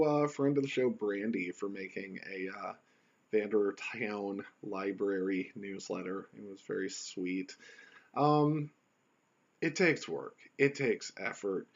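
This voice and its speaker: A man rambling wryly through a casual solo podcast from his computer at home. His pitch is lively and animated, rising and falling a lot. The sound is dull and lo-fi. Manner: rambling, wry and joking. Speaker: podcast host.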